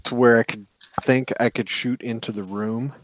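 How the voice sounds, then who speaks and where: A man's voice: mid-range voice, fairly even intonation, normal speed, no echo. A man playing a tabletop game, talking animatedly and laughing mid-sentence. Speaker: player. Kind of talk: casual chat and tabletop play.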